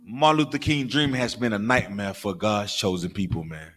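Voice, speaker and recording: Forceful, fiery preaching man. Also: on the low side, moderate pace, slight background noise. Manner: profane, rhetorical questions, call-and-response; animated, mimics crying and barking for laughs. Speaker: preacher of a religious camp. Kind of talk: fiery street-style sermon.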